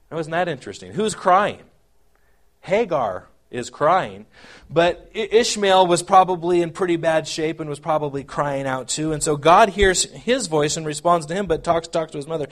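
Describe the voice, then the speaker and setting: A man preaching a sermon, earnest and halting, often repeating words as he explains scripture and reads old-style verses aloud. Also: on the high side, animated. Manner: reads scripture aloud in King James wording. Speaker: pastor.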